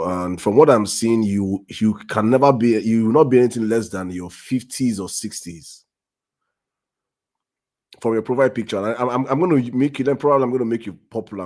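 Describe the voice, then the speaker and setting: A man's voice: fairly low pitch, darkish tone. A Nigerian man hosting a live show, thanking a guest and confronting a commenter in a scolding tone. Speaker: host.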